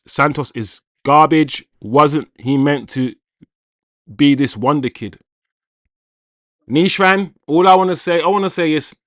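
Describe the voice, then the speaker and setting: Excitable man hosting a watchalong. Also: medium pitch, no echo, studio quality. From Jamaican heritage. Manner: excitable, shouts out viewers, reacts to play. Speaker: football watchalong host. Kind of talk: live match commentary and chat.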